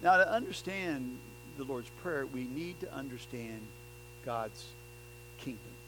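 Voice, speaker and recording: A man preaching a sermon, dropping to soft low passages and then rising into loud, emphatic declarations. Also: measured pace, background noise. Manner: swings between soft, low stretches and loud, emphatic bursts.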